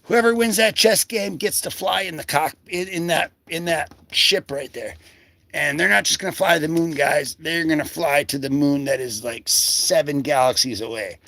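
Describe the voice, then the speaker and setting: A man's voice: fairly high pitch, moderate pace, gravelly, bright, forceful tone, no echo. A man hosting a casual livestream, rambling through comic pages in slangy talk full of fillers and greeting viewers in chat. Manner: talks to chat viewers by name. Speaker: livestream host.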